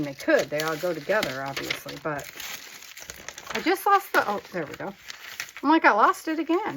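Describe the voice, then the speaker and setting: A woman's voice: medium pitch, a bit bright, slight background noise. A woman hosting a casual crafting vlog, chatting candidly and talking to her supplies as she works. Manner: self-deprecating and candid. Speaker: crafting channel host.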